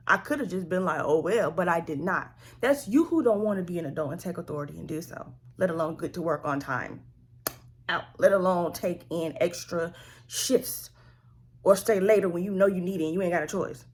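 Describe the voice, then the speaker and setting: A woman vlogger telling a family story in a slangy, animated, conversational way. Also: fairly low pitch, breathy edge. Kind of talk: storytime vlog.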